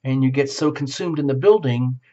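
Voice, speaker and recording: A man's voice: medium pitch, brisk, dark tone, muffled recording. A man giving a casual tarot reading who talks in a chatty way, laughs often and acts out bits of dialogue. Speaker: tarot reader. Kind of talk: solo tarot reading to camera.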